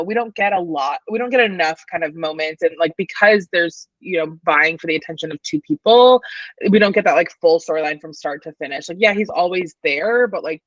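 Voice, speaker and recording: A woman with a Southern US accent chatting as a podcast guest, talking fast and loose with lots of fillers and laughs. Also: deep voice, dry recording, lo-fi sound. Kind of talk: casual podcast chat.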